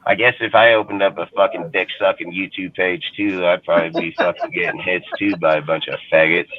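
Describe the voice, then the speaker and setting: A man with a somewhat low voice launches into an angry, profane rant as he hosts a sports fan show. His delivery is crude and scornful. The sound is thin and tinny, as if it came through a phone line. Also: fairly even intonation, brisk, a crowd in the background. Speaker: sports podcast host.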